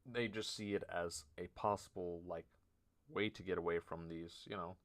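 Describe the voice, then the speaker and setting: A man streamer improvising a story aloud, halting and nervous, often trailing off and poking fun at himself. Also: deep voice, steady tone. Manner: halting, nervous, self-deprecating.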